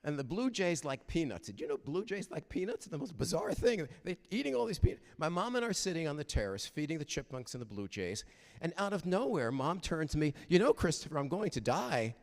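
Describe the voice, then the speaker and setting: An older man giving a heartfelt, storytelling chapel talk at a university, animated and prone to halting restarts. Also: on the high side. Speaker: guest chapel speaker. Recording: reverberant chapel hall.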